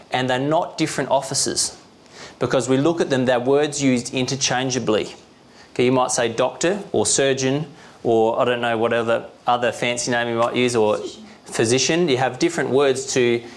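A young man preaching a sermon as pastor, explaining plainly in a conversational way, often checking in with the congregation and chuckling now and then. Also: medium pitch. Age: young adult.

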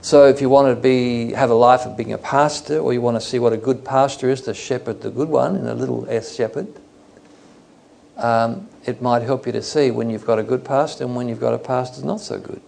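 A man from Australia preaching a Bible study in a loose, conversational way, pausing with fillers as he explains the text. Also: mid-range voice, steady tone, gravelly, darkish tone, a little hiss or hum.

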